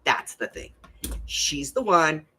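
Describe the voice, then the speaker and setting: An older woman, a grandmother, telling a family story in a chatty, animated way and swearing freely. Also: sits low, slow pace, slight background noise. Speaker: crafting channel host. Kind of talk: casual storytelling chat.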